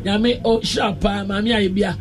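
A woman's voice: mid-range voice, fairly even intonation, a little slow, soft background music. A Ghanaian woman hosting a casual radio show, reading listener messages aloud and laughing playfully. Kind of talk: casual radio chat, mixing Twi and English. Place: radio studio.

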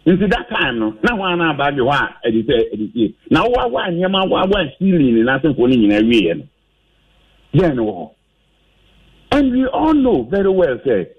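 A Ghanaian man with a husky voice, giving heated radio commentary, animated and firing off rhetorical questions. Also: medium pitch. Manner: animated, rhetorical questions, mixing English and Twi. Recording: dull lo-fi radio audio.

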